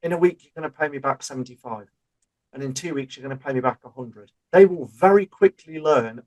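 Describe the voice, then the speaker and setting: A man co-hosting a podcast, explaining with everyday examples in a relaxed chat. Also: fairly high pitch, fairly quick, low-quality recording. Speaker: podcast co-host. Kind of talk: casual chat.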